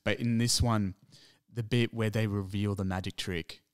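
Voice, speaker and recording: A man's voice: on the low side, fairly even intonation, moderate pace, smooth. A man, co-hosting a podcast and reviewing a film in casual, rambling chat. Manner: rambling, restarts, laughs at himself. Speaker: podcast co-host.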